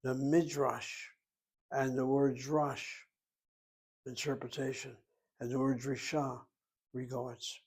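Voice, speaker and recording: A man gives a relaxed Hebrew lecture in a husky, mid-range voice, speaking slowly and pausing often. He explains terms patiently and poses rhetorical questions as he goes.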